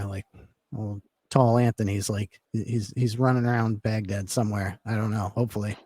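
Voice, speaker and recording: A man's voice: fairly low pitch, level tone, normal speed, a little mellow, slightly rough, dry recording. A man telling a long personal story in casual talk, rambling with lots of fillers. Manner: rambling, filler-heavy, laid-back. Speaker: podcast guest telling a story.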